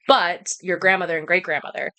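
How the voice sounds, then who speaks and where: A woman's voice: lowish voice, steady tone, brisk, sharp tone. A woman narrating a tabletop game as game master, chatty, laughing often and self-deprecating.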